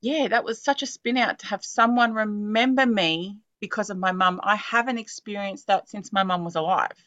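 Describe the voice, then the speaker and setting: A woman's voice: medium pitch, moderate pace, fairly bright tone, no room sound. A woman in her forties with an Australian accent, candidly sharing emotional personal stories in a heartfelt chat. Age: 40s. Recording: dull, lo-fi dry sound.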